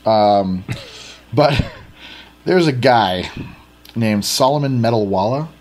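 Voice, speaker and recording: A man's voice: mid-range voice, lively intonation, takes it slowly. A man co-hosting a casual podcast, rambling and joking at his own expense. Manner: rambling, self-deprecating, many restarts. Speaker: podcast co-host.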